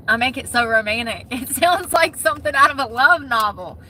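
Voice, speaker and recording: A woman with a Southern US accent talks in a bright, tense, forward voice, frank and animated, cussing freely. She sits higher than most women. Faint car noise hums behind her. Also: fairly quick, few pauses. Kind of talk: casual chat.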